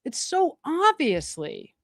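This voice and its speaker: Emphatic woman host, lively swooping pitch. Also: slow, creaky, no echo, clean studio sound. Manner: exasperated, emphatic, repeats points for effect. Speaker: podcast host commenting on court hearings. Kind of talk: live-stream commentary.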